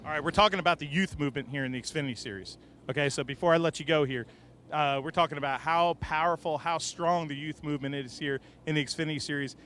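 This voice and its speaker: A man hosting casual interviews in an outdoor race garage, loud and jokey. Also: on the high side, a little hiss or hum. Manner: loud, jokey, quick to exclaim. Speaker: garage reporter and host.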